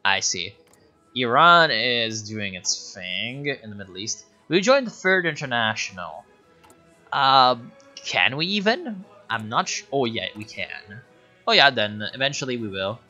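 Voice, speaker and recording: A young man whose first language is Italian talks casually over a strategy-game livestream, reading out his chat and joking as he plays. His voice is bright and forward. The audio is slightly dull, with faint game music underneath. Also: medium pitch, very animated, measured pace. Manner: chatty, joking, reads chat aloud. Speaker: gaming streamer. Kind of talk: casual live game commentary.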